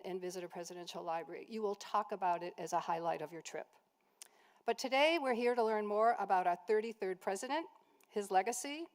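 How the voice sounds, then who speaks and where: A woman, a retired librarian, earnestly introducing a guest speaker at a library event with a slightly halting delivery. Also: mid-range voice, a little mellow. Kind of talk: formal introduction. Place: library auditorium.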